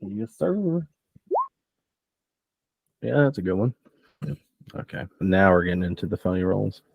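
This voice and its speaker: Man, game master, casual joking delivery, low voice, dry room. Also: fairly even intonation, brisk, gravelly, husky, no echo, phone-quality sound. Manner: laughs often, swears casually.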